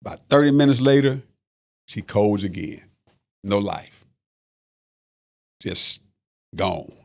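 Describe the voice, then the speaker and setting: Gravelly-voiced middle-aged man telling a story. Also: fairly low pitch, animated, slow pace. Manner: earnest, repeats phrases, many "uh" fillers. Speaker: father of the guest. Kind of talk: storytelling on a podcast.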